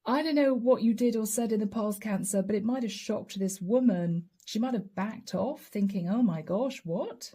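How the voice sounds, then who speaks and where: Woman tarot reader, middle pitch, warm mellow tone, chatty, addresses the viewer directly. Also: moderate pace, hardly any pauses. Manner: chatty, laughs often, talks straight to the viewer. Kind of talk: casual tarot reading.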